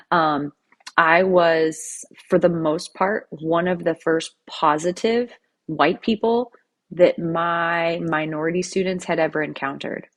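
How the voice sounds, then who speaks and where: A middle-aged woman talks through her solo podcast in a relaxed, chatty way, tossing in "right?" and "okay?" as she goes. Her voice sits a little low for a woman. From Louisville, Kentucky. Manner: conversational, keeps asking "right?" and "okay?". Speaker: podcast host. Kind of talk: casual solo podcast talk.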